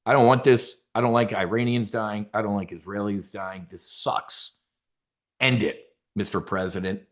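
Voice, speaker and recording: A man's voice: on the low side, steady tone, normal speed. A man hosting a trading show, talking in a rambling, casual way with many repeated words and asides to his viewers. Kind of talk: casual market commentary.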